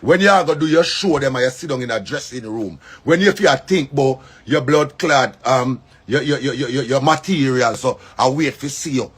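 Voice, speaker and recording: Speaking at a normal speed with hardly any pauses, a man with a medium-pitched, slightly breathy voice and a Jamaican accent performs comedy. His casual monologue is emphatic and preachy, circling back over the same points.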